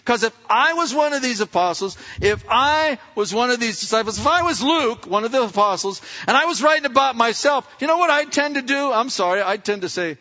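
A male pastor preaching a lively sermon, acting out scenes and firing questions at his congregation. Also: very high-pitched, a little fast, few pauses. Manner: animated, acts out scenes, asks the audience questions. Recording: echoey hall, dull lo-fi sound.

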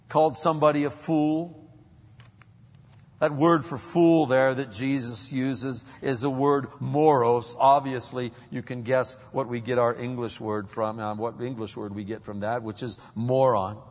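A man preaching a sermon, an animated storyteller who swings from loud bursts to hushed tones. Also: mid-range voice. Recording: muffled hall recording with long reverb.

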